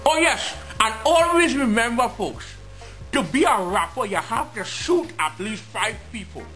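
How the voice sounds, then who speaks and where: A man's voice: very high-pitched, lively intonation, measured pace, pushed and bright, faint music behind. A man delivering a mocking, exaggerated comedic rant to his viewers. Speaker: comedy vlogger.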